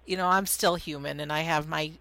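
Host chatting eagerly on a podcast, crisp bright tone with some fry. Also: medium pitch, fairly even intonation, a little fast, dry recording. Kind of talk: casual interview chat.

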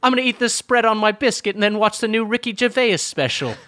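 A man's voice: high voice, lively intonation, quick pace, pushed and bright, no echo, studio quality, pitched above the performer's own voice. A man putting on a mock cockney British bloke, with exaggerated "oi" and "mate" parody.

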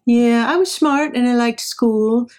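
Speaking at a measured pace, a woman with a higher-leaning, darkish voice recounts episodes from her career in a relaxed, storytelling way. She is middle-aged, from Southern California, and is being interviewed as a guest in her role as engineer and professor.

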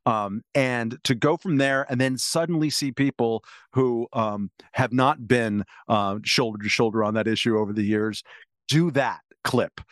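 A man's voice: mid-range voice, measured pace, no room sound, clean studio sound. A man, a guest commentator in a casual panel chat, wry and self-deprecating, rambling through his points.

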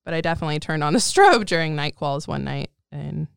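A woman's voice: low voice, animated, a little fast, vocal fry, clear, resonant tone, no room sound, studio quality. A woman co-hosting a casual podcast, chatty and explaining at length with frequent laughs. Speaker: co-host.

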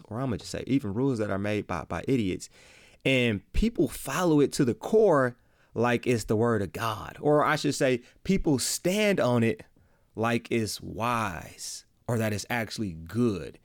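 A man with a Midwestern accent hosting a casual faith podcast, talking excitably in slang and repeating his phrases. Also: medium pitch, unhurried, no room sound, studio quality. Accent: Midwestern American. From American Midwest. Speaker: podcast host.

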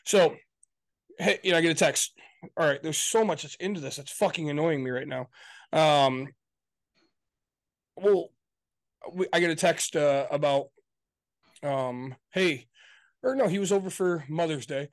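Annoyed guy ranting on a podcast, swears a lot, kinda high-pitched. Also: unhurried, pauses often, no room sound. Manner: venting, profane, exasperated; acts out quoted exchanges. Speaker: podcast co-host. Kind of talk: casual chat.

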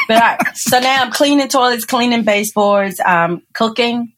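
A woman, a podcast guest telling a personal story with lively acted-out quotes and frequent laughter. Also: fairly high pitch, normal speed. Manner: animated storyteller, acts out quotes, laughs often. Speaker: podcast guest, engineer and speaker. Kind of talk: storytelling interview.

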